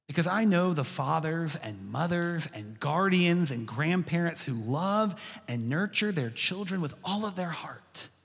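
A man preaching, folksy and storytelling, calling his listeners "y'all." His voice sits a little high and a bit husky. The sanctuary rings with a long reverb. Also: a bit bright. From Texas. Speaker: pastor. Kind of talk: sermon. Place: church sanctuary.

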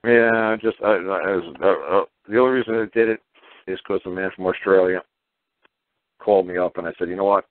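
A man talking casually on a call-in show, piling up rhetorical questions in an animated way. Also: low voice, a little fast, dry recording. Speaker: guest caller explaining legal ideas. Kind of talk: casual phone-in talk. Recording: tinny phone line, dry.

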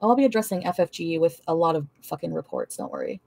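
A woman's voice: low voice, huge pitch swings, fast, gravelly, warm tone. A woman livestreamer answering her chat in a heated, profane, confrontational rant.

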